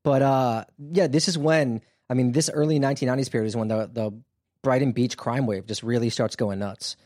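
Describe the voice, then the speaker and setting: A man's voice: medium pitch, fairly even intonation, brisk, a little mellow, dry recording, clean studio sound. A man hosting a podcast, telling a crime story in a casual, wry, conversational way with lots of fillers. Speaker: podcast host.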